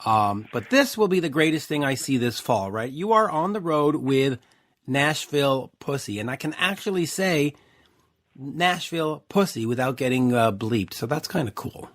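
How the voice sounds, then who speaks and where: A man's voice: mid-range voice, expressive, normal speed, a bit bright. A man hosting a rock podcast, chatting in a jokey, loose way with frequent fillers. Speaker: podcast host. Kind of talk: casual interview chat.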